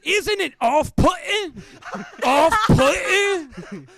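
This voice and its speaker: A man voicing a crude, furry Cockney British worm as a sketch-show host, in a put-on Cockney accent, with brash, mocking, shouty delivery. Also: very high-pitched, lively intonation, drawn-out words, vocal fry, full character voice. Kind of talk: improvised comedy impression.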